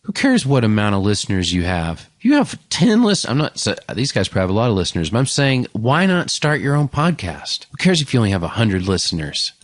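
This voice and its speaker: A man hosts a comedy podcast and rattles through a chatty ad read. His voice sits low and his pace is quick and excitable. The studio sound is dry and close. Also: no echo. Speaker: podcast host. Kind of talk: casual ad read and hosting.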